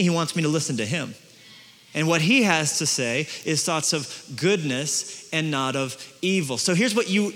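A middle-aged man preaches in a big church hall, his high, bright voice ringing with long reverb. He drops to near-whispers and then rises to booming emphasis, pressing each point home. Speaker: pastor. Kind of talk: sermon.

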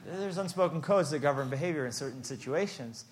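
A man with a slightly high-pitched voice delivers a humorous sermon from the pulpit. He is playful and tells stories, breaking into little acted-out exchanges as he goes. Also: lively intonation, brisk, slight background noise. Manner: playful, storytelling, acts out exchanges. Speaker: pastor.

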